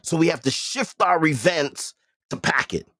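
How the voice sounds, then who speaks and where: Blunt, animated man ranting on a livestream. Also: a little high, normal speed, dry recording, clean studio sound. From Boston area. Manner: blunt, profane, emphatic repetition. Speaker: livestream host. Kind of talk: casual livestream rant.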